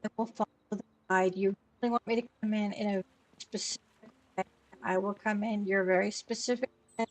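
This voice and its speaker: A woman's voice: medium pitch, fairly even intonation, a little fast, far from the mic. A young woman streaming a cozy game, chatting casually and reading the on-screen text aloud.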